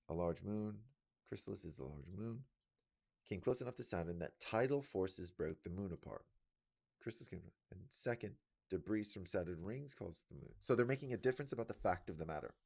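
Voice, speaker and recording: Low gravelly man thinking aloud. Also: a little mellow. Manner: enthusiastic, quick asides like "woof" and "gorgeous". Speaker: test prep tutor. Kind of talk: thinking aloud while solving test questions.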